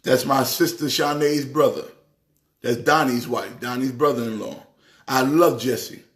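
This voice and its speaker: A middle-aged man from New York hosting a casual live stream, talking sports in an animated, teasing way and breaking into preacher-like exhortation. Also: mid-range voice, unhurried.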